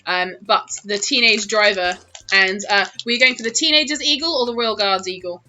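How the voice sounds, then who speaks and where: A woman's voice: medium pitch, brisk, bright, forceful tone, slight background noise. A woman narrating as dungeon master of a tabletop game, laughing often as she talks.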